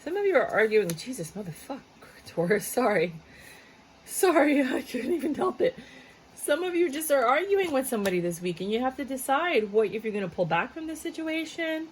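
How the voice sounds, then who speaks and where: A woman's voice: fairly high pitch, sing-song, brisk, slight background noise, poor audio. A woman giving a casual tarot reading to her viewers, chatty and blunt, swearing freely and breaking into asides. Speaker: tarot reader.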